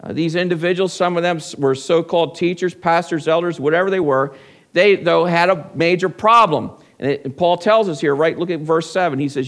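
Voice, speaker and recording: Gravelly-voiced male pastor preaching. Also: a little high. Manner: preaching with rhetorical questions. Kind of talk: sermon. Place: church service.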